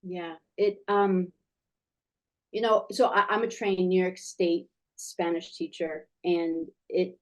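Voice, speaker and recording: A woman in her forties, a children's language teacher, talking in an enthusiastic, animated way with rambling restarts in a casual interview. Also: fairly low pitch, takes it slowly.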